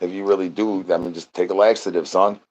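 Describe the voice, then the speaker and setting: A man's voice: deep voice, steady tone, quick pace, a little mellow. Goofy man rambling in sing-song slang. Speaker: livestreamer. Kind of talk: rambling livestream chat.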